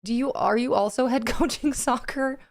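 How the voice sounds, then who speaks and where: A woman's voice: a little high, moderate pace. A young adult woman streaming live, chatting casually with her viewers, greeting them by name and laughing often.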